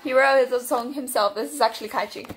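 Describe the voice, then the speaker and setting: A high-pitched young woman chatting through her reaction to an episode. She is giggly and excitable, and her remarks keep tipping into laughter. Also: fast talker, a little hiss or hum. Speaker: reaction video host. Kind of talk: casual reaction commentary.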